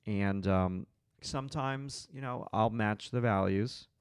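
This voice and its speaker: Low gravelly guy running a live drawing lesson, talking to chat while he sketches, dry close sound. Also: slow pace, no room sound. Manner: thinks aloud while drawing, talks to viewers in chat. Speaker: art instructor hosting a live stream. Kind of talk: live drawing tutorial, chatting with viewers.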